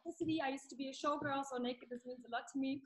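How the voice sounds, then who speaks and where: A woman's voice: high-pitched, fairly even intonation, very fast. A woman from Germany hosting a podcast interview, enthusiastic and appreciative as she asks questions. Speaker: podcast host. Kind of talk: interview host, conversational.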